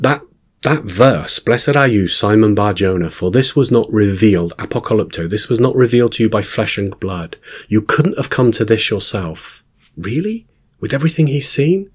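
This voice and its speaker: A man's voice: fairly low pitch, darkish tone, husky. A man giving a reflective Bible teaching, earnest and thoughtful, often quoting scripture. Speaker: Christian teacher.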